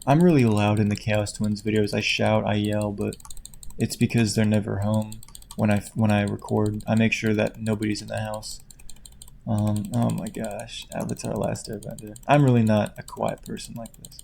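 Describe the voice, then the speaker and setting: A man chatting casually at his computer at home, tired, quiet and rambling, laughing often. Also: on the low side, level tone, normal speed, creaky, a little hiss or hum. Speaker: video creator. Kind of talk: casual chat while clicking at a computer. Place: at home indoors.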